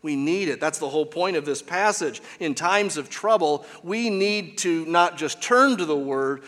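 A man's voice: on the high side, a bit bright, big-room sound. A man preaching a sermon as pastor, with an emphatic, repetitive cadence, recorded in a church.

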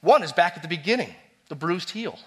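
A man preaching a sermon, swinging between loud emphatic repetitions and quiet, low asides. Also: expressive, a little fast.

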